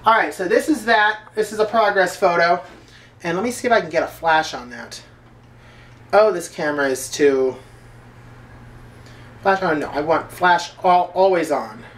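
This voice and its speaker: A man's voice: sits high, normal speed, pauses often, fairly bright tone. A man hosting a casual video journal from his kitchen, rambling loosely and packing his talk with filler words. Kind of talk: casual chat while cooking. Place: home kitchen. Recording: roomy, distant mic, faint background noise.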